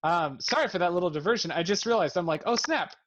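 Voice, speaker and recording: Male podcast co-host, easily sidetracked, a bit high-pitched, dull muffled recording. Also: fast talker, a little hiss or hum. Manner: rambling, easily sidetracked, laughs often. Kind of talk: casual chat, reading out subtitle dialogue. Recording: muffled lo-fi audio.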